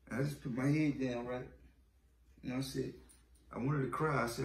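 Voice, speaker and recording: Gravelly man telling a prison story. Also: mid-range voice, normal speed, distant mic. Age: 30s. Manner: animated, profane street storytelling acting out dialogue. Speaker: interview guest. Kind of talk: storytelling in a podcast interview. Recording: roomy echo, off-mic, faint ambience.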